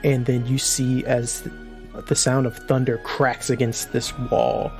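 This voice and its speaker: A man's voice: medium pitch, little pitch movement, a little slow, soft background music. A man playing a tabletop game, casually describing his character's actions in vivid detail. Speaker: player.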